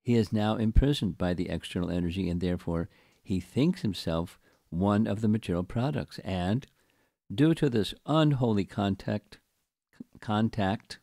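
An older man giving a scripture class, reading a long commentary slowly and deliberately and explaining it to his listeners. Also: on the low side, creaky, warm tone, dry recording, clean studio sound. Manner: slow, deliberate reading with chanted verse recitation.

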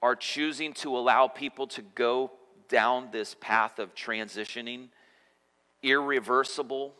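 Male pastor preaching casually to a congregation, bright voice, echoing church hall, frequent restarts. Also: mid-range voice, steady tone, measured pace. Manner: conversational preaching with frequent restarts and repeated words. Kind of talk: sermon. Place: church sanctuary.

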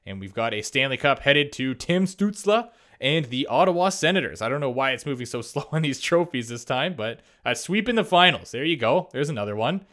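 A young man with a bright, forward voice talks through a hockey game simulation in a casual commentary style. He is excitable and quick to react, often breaking into little laughs and surprised exclamations as he reads the numbers. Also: medium pitch. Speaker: gaming YouTuber.

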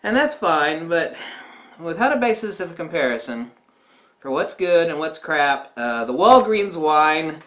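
A man's voice: fairly high pitch, sing-song, a little slow, fairly bright tone. A man talking casually to camera as a photography vlogger, rambling with many "uh" and "um" fillers and jokey asides.

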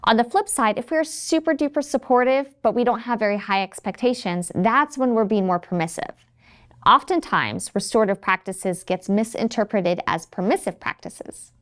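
A woman in her thirties, working as a trainer for educators, narrates a teacher training video from a script. Her voice is on the high side and animated at a moderate pace, friendly as she acts out quoted phrases.

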